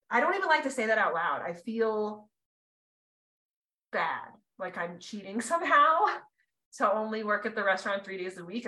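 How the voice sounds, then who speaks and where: A woman hosting a podcast rambles through her thoughts in a bright, edgy voice, teary and quick to laugh. The sound is roomy and echoing. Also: medium pitch. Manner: rambling, emotional, laughs often. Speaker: podcast host. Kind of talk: casual chat.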